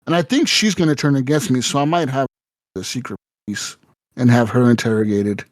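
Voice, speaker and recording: A man's voice: mid-range voice, fairly quick, no room sound, clean studio sound. A man co-hosting a casual gaming podcast, telling a rambling, profane story with lots of fillers and acted-out quotes. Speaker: podcast co-host.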